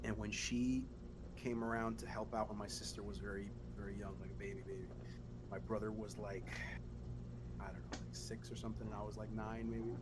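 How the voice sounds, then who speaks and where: A man hosting a podcast, telling animated, profane family stories in casual chat. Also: on the low side, brisk, very noisy. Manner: animated, profane, acts out quotes. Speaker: podcast host.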